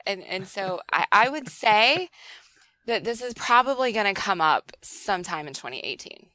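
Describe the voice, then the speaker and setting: Female co-host, bright tone, animated and emphatic, dry close-miked sound. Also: mid-range voice, normal speed, no room sound. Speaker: podcast co-host. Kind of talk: casual chat and show announcements.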